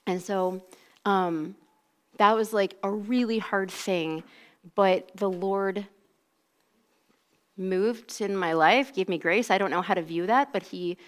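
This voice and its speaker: A woman in her forties recounts a personal faith story in a relaxed, conversational way. She leans heavily on "like" and "you know" as she talks, and her voice sits at an ordinary pitch for a woman. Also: slow, pauses often. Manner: conversational, heavy use of "like". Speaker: speaker giving a personal testimony. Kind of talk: casual spoken storytelling.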